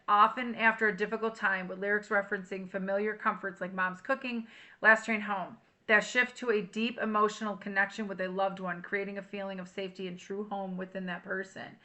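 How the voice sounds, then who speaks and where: A woman's voice: mid-range voice, fairly even intonation, a little fast, bright, forceful tone. A woman doing a casual tarot reading to camera, chatty and emotional, reading song lyrics aloud. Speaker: tarot reader.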